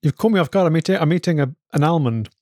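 A man's voice: on the high side, racing, a little mellow, no echo, studio quality. A man co-hosting a comedy podcast, playful and teasing. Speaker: podcast co-host. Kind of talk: casual comedic chat.

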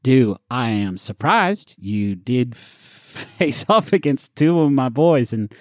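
A man voicing a wary, blunt woman official who talks in a halting, hesitant way. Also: medium pitch, animated, no room sound, studio quality. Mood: guarded.

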